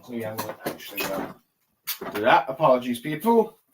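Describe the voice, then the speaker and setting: A man casually recapping and reviewing a comic chapter, rambling and filling pauses with many ums and self-corrections, sounding a little tired. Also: mid-range voice, big pitch swings, noisy background.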